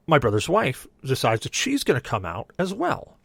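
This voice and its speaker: A young man spins a rambling story on a podcast, his pitch swinging widely as he acts out what everyone said. The sound is dry and close, with no room around it. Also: moderate pace, gravelly, hardly any pauses, dry recording. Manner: animated, voices others in quoted dialogue. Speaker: podcast co-host. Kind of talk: casual storytelling.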